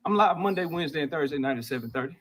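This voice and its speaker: A man's voice: a little high, animated, racing, fairly bright tone, poor audio. A man talking boxing on his own channel, brash and trash-talking, played as a clip. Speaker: boxing commentator in clips.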